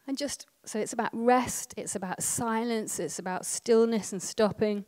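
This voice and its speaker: A woman in her thirties giving a conversational teaching talk as a prayer ministry trainer, chatty, with quick asides and tag questions. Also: on the high side, a little mellow.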